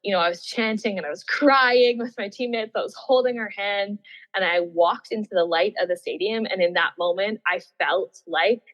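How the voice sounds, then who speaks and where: A woman recounts her experience at an easy, chatty pace, laughing often and putting on her past self's excited voice. The audio is dull and muffled, with a long reverb trailing behind her. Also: medium pitch, moderate pace. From Australia. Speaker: guest, former Olympian. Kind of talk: casual storytelling interview.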